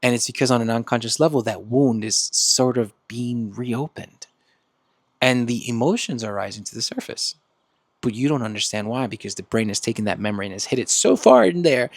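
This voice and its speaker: A man talks through a self-help monologue in a relaxed, casual way. He laughs often and slips into slangy voices for quoted friends. His voice sits in a middle range, recorded dry and close with no room echo. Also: mid-range voice, normal speed, creaky. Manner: laughs often between points. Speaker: podcast host.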